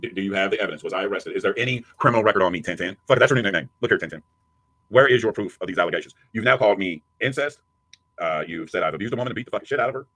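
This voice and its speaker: A man's voice: on the low side, lively intonation, racing, sharp tone, breathy edge, no echo. A man giving a crude, taunting rant as a streamer answering a critic. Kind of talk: profane ranting commentary.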